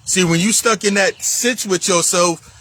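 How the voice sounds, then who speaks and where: A man's voice: high voice, measured pace, fairly bright tone, poor audio. A man talking as a life coach in a casual spiritual monologue, emphatic and profane, repeating himself for stress. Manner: emphatic, profane, repetitive street talk.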